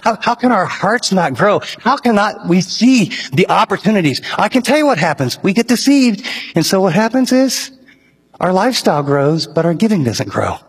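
A man's voice: high-pitched, sing-song, moderate pace, breathy edge. A man preaching a sermon as a pastor, earnest and emphatic, building to urgent rising questions, in a church hall. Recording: echoey hall reverb.

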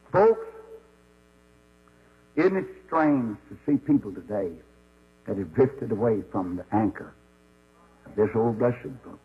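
Husky southern-style preacher guy telling bible stories, voice a bit high, old muffled tape w/ mains hum. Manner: storytelling, acts out voices of God and Moses. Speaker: Baptist preacher. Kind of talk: folksy sermon. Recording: dull lo-fi recording with mains hum.

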